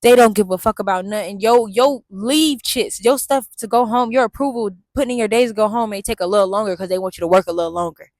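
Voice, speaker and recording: A young woman speaks outdoors in a candid, reflective way, slangy and profane, often turning to her viewers directly. Her voice sits at a medium pitch. The sound is close and dry, with no room echo. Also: steady tone, quick pace, few pauses, darkish tone. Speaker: vlogger and Navy veteran. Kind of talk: casual reflective storytelling. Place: outdoors in the sun and wind.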